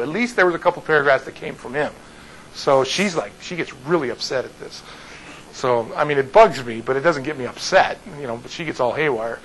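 A male pastor telling a story to his congregation in an animated way, often restarting and repeating words. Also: mid-range voice, a little fast, a little hiss or hum, poor audio.

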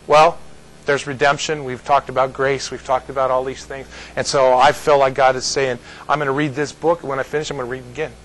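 A man's voice: mid-range voice, fairly bright tone, a little hiss or hum, low-quality recording. A man as pastor giving conversational Bible teaching, rambling and folksy, often asking "you see?".

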